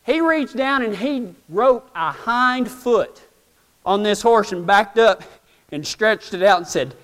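A man's voice: sits high, lively intonation, a little slow, fairly bright tone. A man telling a humorous, self-mocking story in folksy rural speech to a live audience. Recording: long hall reverb.

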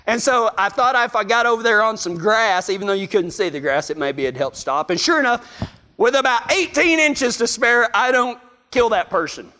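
A man's voice: high voice, lively intonation, normal speed, bright, forceful tone. A middle-aged man, a preacher telling a folksy, self-mocking story to his listeners. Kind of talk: storytelling sermon.

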